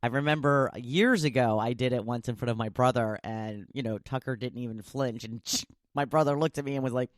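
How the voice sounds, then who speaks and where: A woman's voice: a bass voice, a little fast, dry recording, studio quality. A woman hosting a solo podcast, chatting casually and animatedly, often laughing as she talks. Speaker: podcast host.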